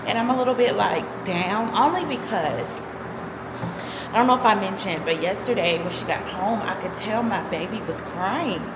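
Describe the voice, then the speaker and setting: A woman's voice: medium pitch, normal speed, echoey room, in a large hall, heavy background noise. A young woman vlogging casually from home, rambling emotionally with lots of fillers and "y'all". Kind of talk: casual vlog chat. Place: home with a fan running.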